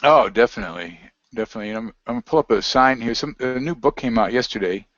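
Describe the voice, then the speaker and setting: A man's voice: mid-range voice, quick pace, a bit bright, dry recording. A man talking casually as an interview guest, rambling and reading aloud from web pages. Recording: dry, dull lo-fi audio.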